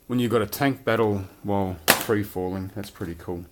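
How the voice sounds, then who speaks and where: Low-voiced rambling man. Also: moderate pace, very noisy. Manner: rambling, casual swearing. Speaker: collector showing his films. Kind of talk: casual chat.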